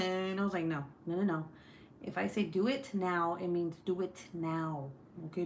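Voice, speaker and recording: A young woman chatting casually at home, telling profane stories and acting out the quotes in lively bursts. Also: lowish voice, fast, slight background noise. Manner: profane, animated, acts out quotes. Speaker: craft vlogger. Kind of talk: casual storytelling chat.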